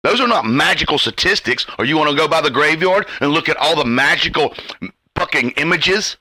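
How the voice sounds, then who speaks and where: Brief: heated male ranter, profane and sarcastic, bright lively voice. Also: on the high side, fairly quick, no room sound. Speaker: commentary host. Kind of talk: ranting commentary.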